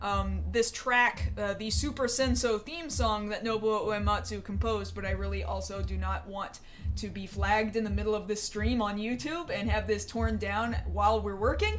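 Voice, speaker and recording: A woman's voice: medium pitch, normal speed, slight background noise. A young woman hosting a casual chat show, rambling and chatty with plenty of fillers. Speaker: show host.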